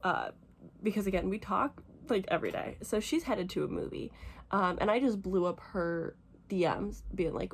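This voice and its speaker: A woman's voice: mid-range voice, creaky, husky. Teary, gushing young woman book vlogger. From United States. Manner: gushing, emotional and excitable; fast, rambling with many fillers. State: teary, emotional. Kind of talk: casual vlog chat.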